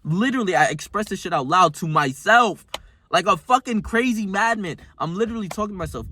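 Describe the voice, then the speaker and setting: A young man with a voice pitched a little above most men's, talking to camera in a loose motivational monologue. He rambles and circles back, leans hard on his points with frequent swearing, and keeps calling the listener bro. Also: lively intonation, quick pace, sharp tone, dry recording. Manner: rambling, emphatic and profane, calls the viewer "bro". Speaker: self-improvement vlogger.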